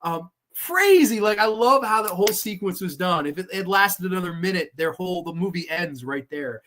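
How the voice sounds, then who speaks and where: A man with a fairly high-pitched voice talks through a film review on his own podcast. He rambles casually, piles up "um" and "like," restarts his sentences and swears often. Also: animated, normal speed, fairly bright tone, a little hiss or hum. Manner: rambling, profane, lots of fillers and restarts. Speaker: podcast host reviewing films.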